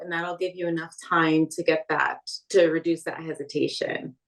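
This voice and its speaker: Affirming woman therapist, lowish voice. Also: fairly even intonation, normal speed, creaky, few pauses. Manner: warm affirming, frequent "yeah". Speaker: respiratory therapist. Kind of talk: casual group discussion.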